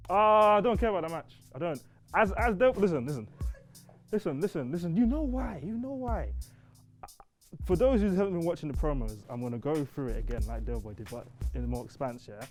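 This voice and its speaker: A man's voice: fairly high pitch, moderate pace, long pauses, soft background music. A young man, bluntly ranting in a casual wrestling chat. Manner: blunt, repetitive, animated ranting.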